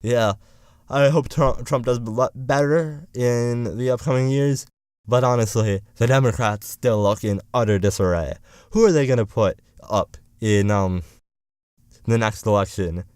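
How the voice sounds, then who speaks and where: A man's voice: lowish voice, a little mellow, smooth, no echo, clean studio sound. A young man in college rambling through a profane, sarcastic political rant as a vlogger. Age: young adult.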